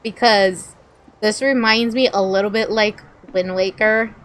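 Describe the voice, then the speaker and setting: A woman's voice: mid-range voice, fairly even intonation, a little slow. A woman in her late twenties giving goofy, rambling commentary while playing a game. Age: late 20s. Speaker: gamer.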